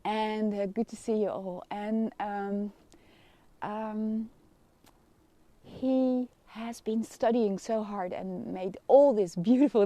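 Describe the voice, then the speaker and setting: Warm-voiced Dutch woman guiding gently. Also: mid-range voice, steady tone, slow, no echo. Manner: gentle, soothing guidance with frequent soft laughs. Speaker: kinesiologist. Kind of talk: live-streamed wellness lesson.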